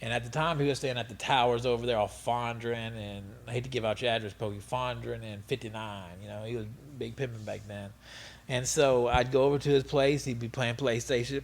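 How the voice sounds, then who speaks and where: A middle-aged man telling stories as an interview guest, animated and profane, laughing often. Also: medium pitch, fairly quick. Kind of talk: casual storytelling interview.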